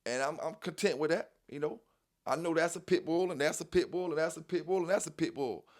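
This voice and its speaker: Preachy man talking dogs, higher voice. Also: a little fast. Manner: repetitive, preachy street talk, fillers "you know what I'm saying". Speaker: dog news channel host. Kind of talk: casual monologue to viewers.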